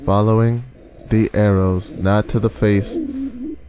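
A man's voice: lowish voice, measured pace, noisy background. A man giving nervous horror game commentary, talking to the game's ghost as he plays. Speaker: gaming video creator.

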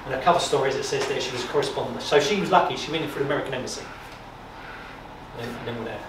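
A man giving an informal talk at an exhibition, telling stories in a chatty, animated way with repetitions and asides. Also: medium pitch, racing. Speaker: guest speaker on wartime history. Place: exhibition room. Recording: echoey room from far off, noisy.

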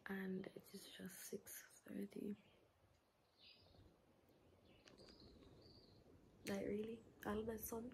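A woman's voice: mid-range voice, creaky, noisy background. A woman whispering a morning vlog so as not to wake her sister. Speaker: vlogger.

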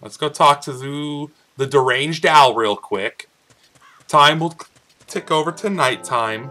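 A man's voice: mid-range voice, expressive, unhurried, pushed and bright. A man casually commenting on his gameplay, playful and jokey, talking back to the game's characters. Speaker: let's play host. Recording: faint game music behind.

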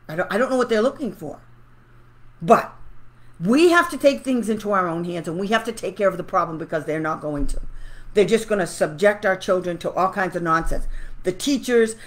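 A woman's voice: on the low side, brisk. Fired-up woman ranting to viewers. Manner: heated, indignant ranting; chatty and pleading with viewers. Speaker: special education advocate and YouTuber. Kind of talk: casual livestream talk to viewers.

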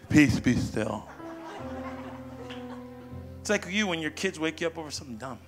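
A pastor preaching in a high, bright-pitched voice, punchy and playful, calling for the congregation to answer him. Music plays clearly underneath his sermon. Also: animated, rapid-fire. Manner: call-and-response, punchy, playful asides. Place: church sanctuary. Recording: music behind.

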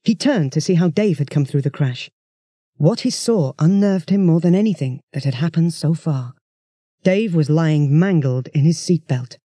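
A man's voice: fairly high pitch, no echo, studio quality. A man reading a children's science fiction story aloud, telling it steadily. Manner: steady storytelling that shifts into character voices. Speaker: audiobook narrator.

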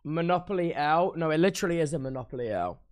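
A man's voice: a little high, lively intonation, fast talker. A young man chatting on a livestream. He swears a lot, rants about tech trouble and repeats himself as he talks. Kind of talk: casual stream chat.

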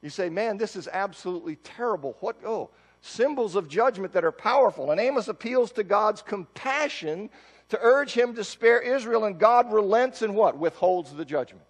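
A man's voice: sits high, lively intonation, normal speed. A man preaching an expository sermon, reading scripture and explaining it, with emphatic rising bursts. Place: church sanctuary. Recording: long church reverb.

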